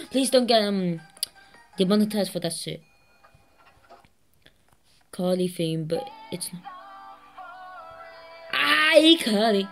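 A woman with a medium-pitched voice hosts a gaming channel, delivering excitable let's-play commentary while swearing nonstop and laughing at herself.

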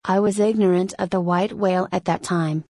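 A woman reads the part of a one-armed English sea captain, good-humored and rambling as he tells a long sea yarn. Her voice is medium in pitch and close, in a dry room. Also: steady tone, a little fast, mellow, no echo, natural voice. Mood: yarn-spinning.

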